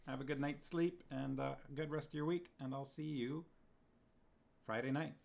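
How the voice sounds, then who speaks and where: A man's voice: medium pitch, fairly even intonation, normal speed, creaky, a little mellow. A man streaming a book reading, casually chatting with his viewers, laughing often and reading their comments aloud.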